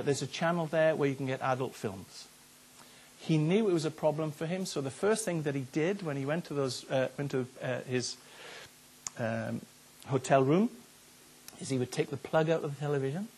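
A man's voice: fairly high pitch, a little mellow. An older man, a pastor preaching a sermon in an earnest, conversational way, often repeating his words. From Wales.

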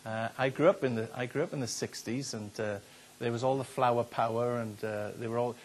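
A man's voice: mid-range voice, steady tone, brisk, a little hiss or hum. An older man, a pastor preaching a sermon in an earnest, conversational way, often repeating his words. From Wales.

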